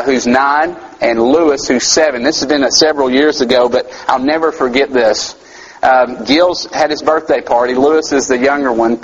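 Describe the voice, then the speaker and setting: A man's voice: a little high, breathy edge, muffled recording. A man preaching a sermon as a campus minister, talking conversationally and asking his listeners rhetorical questions.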